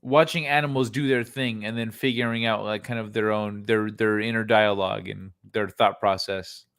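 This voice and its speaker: A man's voice: on the low side, fairly even intonation, normal speed, fairly bright tone, smooth. A man hosting a casual livestream, reacting to clips in a laid-back way, laughing often and swearing freely. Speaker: livestream host.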